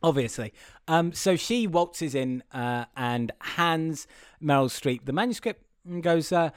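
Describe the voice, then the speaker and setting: A chatty man, his voice sitting a little high, walks through a film's plot in a loose, rambling way and slips into the characters' lines as he goes. The sound is close and dry, with no room around it. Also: lively intonation, unhurried, clean tone, no echo. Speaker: podcast co-host. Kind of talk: casual chat recapping a film.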